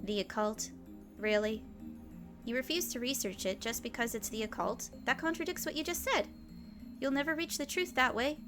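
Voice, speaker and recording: A woman voicing a sharp-tongued young woman scientist in a visual novel. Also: on the high side, moderate pace, over music, natural voice. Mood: scornful. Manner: cutting, dismissive.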